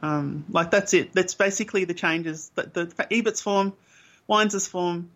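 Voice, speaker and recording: A man's voice: sits high, unhurried, a bit bright. An Australian man co-hosting a casual fan podcast, blunt and opinionated, with frequent ums. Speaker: podcast co-host.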